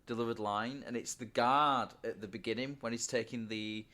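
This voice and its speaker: Bright, enthusiastic man on a podcast. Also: medium pitch, steady tone, normal speed. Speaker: podcast co-host. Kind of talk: casual podcast chat.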